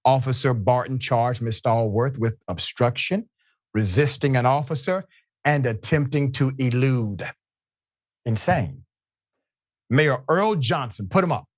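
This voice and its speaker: Emphatic male news host speaking at a middle pitch. His voice is close and dry, with no room sound. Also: moderate pace, no room sound. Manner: emphatic, indignant. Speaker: show host. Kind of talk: live news commentary.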